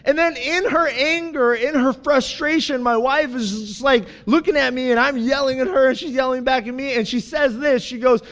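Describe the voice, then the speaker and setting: Here the pastor, a man in his thirties with a notably high voice, moves at a moderate pace with hardly any pauses. His sermon is built on animated, joking personal anecdotes at his own expense, and the church hall's long reverb lingers after every phrase.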